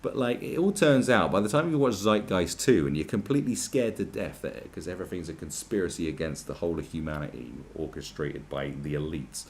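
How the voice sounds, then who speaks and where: A man delivers a profane, sarcastic rant. His pitch swings widely as he mocks and complains, his exasperation plain in every jab. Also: lively intonation, fairly quick, hardly any pauses, a little hiss or hum. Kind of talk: ranting commentary.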